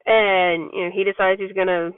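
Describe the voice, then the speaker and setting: A woman vlogging about parenthood talks candidly in a chatty, wandering monologue about her life as a parent. Her mid-range voice is clean in tone, shows little pitch movement and keeps to a normal speed. It's recorded with a dry, tinny, phone-like quality and no room sound.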